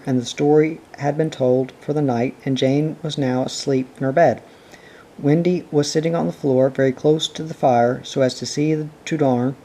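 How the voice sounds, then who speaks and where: Calm man reading a storybook aloud. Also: fairly high pitch, vocal fry, poor audio. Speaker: reader. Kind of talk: audiobook narration.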